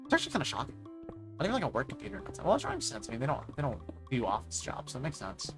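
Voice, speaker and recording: A man's voice: a little high, wildly swooping pitch, rapid-fire, music in the background. Exasperated young man ranting on stream. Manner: exasperated, swears freely, quotes people in mocking voices. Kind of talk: casual ranting chat.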